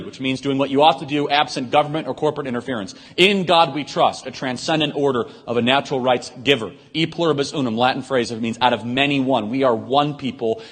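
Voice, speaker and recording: A man delivers an emphatic speech to a live audience at a brisk clip, firing off rhetorical questions. His voice has a slightly husky edge. A long reverb rings behind him in a large hall. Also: medium pitch. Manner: rapid-fire, forceful, rhetorical questions. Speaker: event host answering audience questions.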